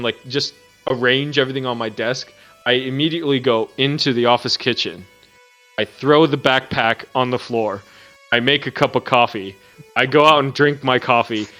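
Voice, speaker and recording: A man's voice: mid-range voice, bright, forceful tone. Rambling, laughing podcast man. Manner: rambling, joking, laughs often. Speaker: podcast co-host. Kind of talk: casual chat.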